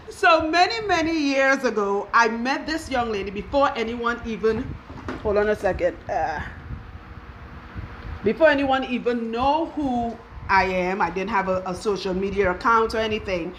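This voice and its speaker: A woman's voice: a little high, normal speed, a bit bright, a little hiss or hum, poor audio. Chatty woman hosting a story time. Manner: chatty, laughs often while telling stories. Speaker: loctician and show host. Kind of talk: casual story time chat.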